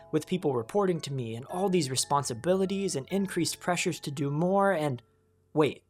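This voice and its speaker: A calm narrator speaking a reflective, scripted voice-over at a medium pitch. The delivery stays conversational and unhurried, with faint music playing softly underneath. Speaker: video essayist.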